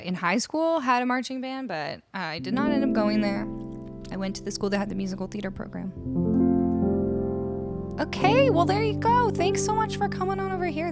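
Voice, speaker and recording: A woman from Canada chatting casually on a live music stream, greeting viewers and reading out their chat messages. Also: medium pitch. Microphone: studio microphone.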